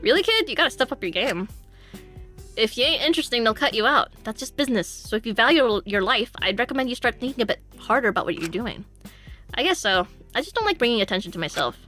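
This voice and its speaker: A woman plays a brash, cynical student from a visual novel, blunt and dismissive, in a bright voice over faint game music. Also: fairly high pitch, lively intonation, fast talker. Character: brash, cynical student who calls everyone kid. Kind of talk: voicing a visual novel character.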